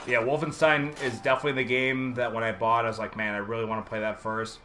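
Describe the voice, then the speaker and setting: A man's voice: mid-range voice, little pitch movement, quick pace, few pauses, bright, forceful tone, a little hiss or hum. A man streaming a video game live, chatting casually and rambling with many fillers while answering viewers.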